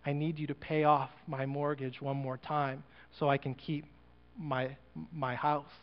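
A man's voice: a little high, level tone, measured pace, clear, resonant tone, lightly acted. A man playing a desperate young man in debt. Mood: pleading. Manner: pleading, then shouting accusations at his father. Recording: muffled church recording with long reverb.

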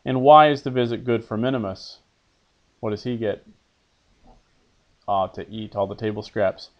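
A man's voice: lowish voice, moderate pace, highs cut off. A man teaching an elementary Latin lesson, reading phrases for a pupil to repeat, then translating them and patiently quizzing. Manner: patient, asks questions and answers them himself.

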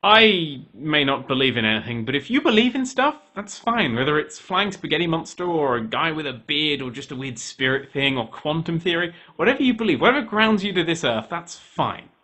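A man ranting his opinions to camera in a heated, animated way. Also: a little high, a little fast, few pauses. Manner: animated, heated, switching into voices for quoted people. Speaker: video maker.

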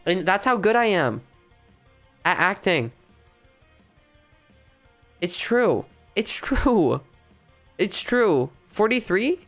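A woman's voice: medium pitch, big pitch swings, takes it slowly, long pauses, faint music behind. A young woman streaming from her bedroom, chatting casually with a hyper, playful, mock-dramatic manner. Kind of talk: casual live-stream chat. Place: bedroom at home.

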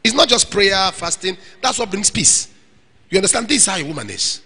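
Preacher, male, high and expressive voice, animated sermon to singles, long hall reverb. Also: a little fast, breathy edge. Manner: animated preaching, acts out little scenes. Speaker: pastor. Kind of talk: sermon to young single men.

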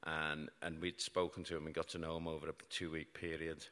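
A middle-aged British man with a low voice tells a true story on stage, mixing dark events with dry, self-mocking jokes. His voice carries a long reverb from the hall he speaks in. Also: level tone, brisk. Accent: British English. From Britain. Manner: wry, self-mocking humour about grim events. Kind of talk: live storytelling talk. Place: large hall before an audience.

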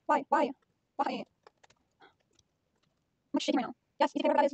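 A woman vlogging live as she tries to buy concert tickets, anxious and excitable, swinging from shrieks to mutters. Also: high-pitched, a little fast, pauses often. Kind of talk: live reaction vlog.

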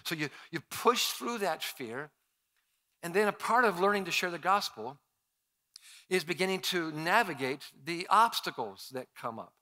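A male pastor preaching a sermon, telling personal stories and acting out his own past lines with animated shifts. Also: high-pitched, moderate pace. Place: church sanctuary.

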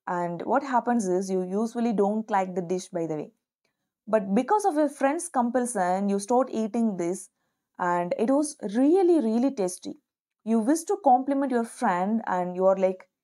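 A woman teaching an online lesson, upbeat, slowing down to model example phrases for learners to repeat. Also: mid-range voice, animated, warm tone. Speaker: English teacher.

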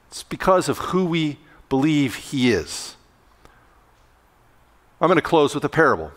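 A male pastor delivering a sermon with lively storytelling, now and then shouting out acted lines. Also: high-pitched. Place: church sanctuary. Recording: long reverb of a church sanctuary.

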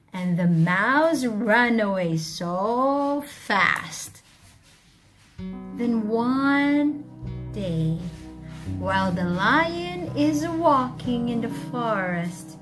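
A woman teacher reading a story aloud to children, asking them questions in a coaxing, animated way. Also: fairly high pitch.

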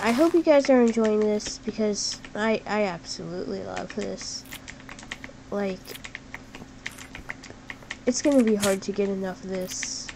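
A woman giving casual, chatty gameplay commentary, excitable and full of "like", with sudden shouts. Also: medium pitch, vocal fry, noisy background. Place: at a computer while gaming.

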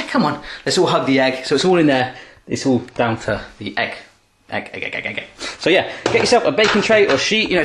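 A quick-talking man with a fairly high voice runs through a home cooking video, cracking jokes and talking straight to the viewers. His voice rings around a bare, echoey kitchen with faint noise behind it. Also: a bit bright. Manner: jokey, chatty, talks straight to viewers. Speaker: cooking vlogger.

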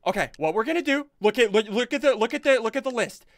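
A man in his twenties hosting gameplay commentary with friends, excitable and repeating quick callouts. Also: extremely high pitch, dry recording. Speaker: gaming channel host.

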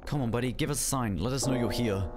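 A man's voice: medium pitch, fast, over music. A man streaming a horror game, reacting with jokey commentary. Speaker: gaming streamer. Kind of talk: gaming commentary.

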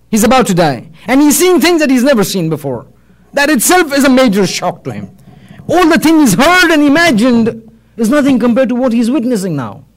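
High-voiced animated male preacher. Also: low-quality recording. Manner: dramatic storytelling, acting out voices. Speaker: Muslim preacher. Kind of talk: sermon lecture.

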